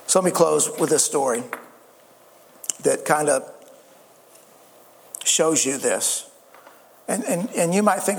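Man preaching, high voice, earnest, stumbling restarts, long hall reverb. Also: expressive, slow pace, vocal fry, pauses often, husky. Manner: earnest, repetitive restarts, calls for amens. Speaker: pastor. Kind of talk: sermon.

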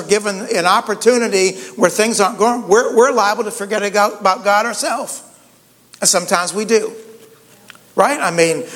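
A man's voice: sits high, a bit bright, long reverb tail. A pastor preaching a conversational sermon, often repeating words and saying "you know" as he goes.

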